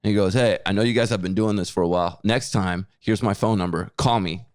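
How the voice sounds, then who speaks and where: A man co-hosting a podcast, telling a story with lively acted-out quotes. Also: fairly low pitch, fast, no echo, clean studio sound. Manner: animated storyteller, acts out quotes. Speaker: podcast co-host. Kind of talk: casual chat.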